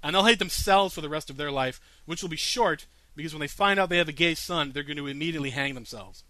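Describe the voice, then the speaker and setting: A man's voice: a little high, fast, pushed and bright, no echo. A man hosting a comic radio show, answering listener questions in a boastful, sarcastic and crude way.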